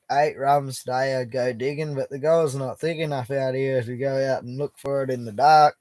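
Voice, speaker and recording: On the high side but dark in tone, a young Australian man's voice comes through with no room sound as he livestreams prospecting from his bush camp. He casually reads viewer comments aloud, easygoing and quick to laugh.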